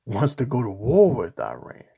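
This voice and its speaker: A man's voice: mid-range voice, huge pitch swings, moderate pace, creaky, dark tone, breathy edge. A man delivering a sarcastic, mocking opinion rant on a vlog, hammering his points with repetition and insults. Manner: repetitive, emphatic rhetoric. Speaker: political commentator.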